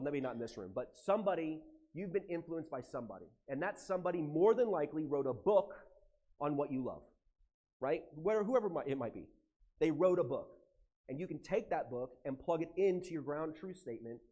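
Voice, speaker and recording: An American man with a somewhat high voice gives a live seminar talk to a room full of people. He speaks in an animated, emotional way and swears casually as he goes. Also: brisk. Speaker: conference speaker. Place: conference room with audience.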